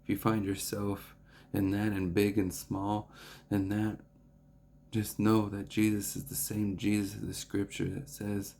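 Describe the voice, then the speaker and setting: A young man reads a Bible passage and reflects on it in an earnest, devotional way. His voice sits low and rough with vocal fry, and his pitch barely moves. He restarts his phrases often and fills pauses as he feels his way through his thoughts. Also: completely flat delivery, mellow, slight background noise. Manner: earnest, halting, with frequent restarts and fillers. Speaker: preacher.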